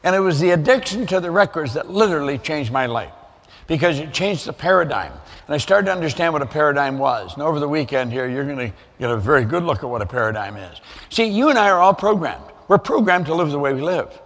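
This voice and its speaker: A man's voice: fairly high pitch, animated, fast, fairly bright tone, in a large hall. An older man giving an emphatic motivational seminar talk, repeating his points for effect. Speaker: seminar speaker.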